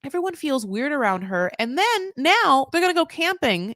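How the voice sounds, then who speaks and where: A woman hosting a casual recap podcast, animated and sarcastic, swinging between loud outbursts and muttered asides. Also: high-pitched, normal speed, few pauses, no room sound, clean studio sound. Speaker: podcast host.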